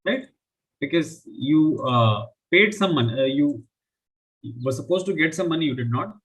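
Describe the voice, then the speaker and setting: A man's voice: a little high, expressive, normal speed, a bit bright, rough recording. Man teaching with "right?" checks. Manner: explains step by step with frequent "right?" checks. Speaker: finance instructor. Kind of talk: live online class teaching.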